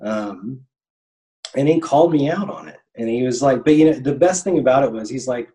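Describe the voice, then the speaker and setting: A man in his thirties tells a long story as an interview guest, stopping and restarting with plenty of ums. His voice sits at an ordinary middle pitch, and he keeps the tone loose and conversational. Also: expressive, normal speed, dark tone, poor audio. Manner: rambling, many ums and restarts. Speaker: animator guest.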